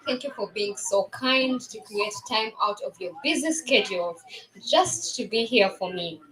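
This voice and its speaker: At a roomy event venue, with music and chatter in the background, a young woman in her twenties launches her new business in an earnest speech. Her mid-range voice is a bit bright and lively in intonation, her pace unhurried, and she often uses fillers and restarts sentences.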